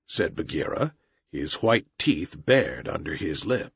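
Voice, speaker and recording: Slow, husky male storyteller. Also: deep voice, sing-song, a bit bright, no room sound, muffled recording. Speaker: audiobook narrator. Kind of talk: storybook narration.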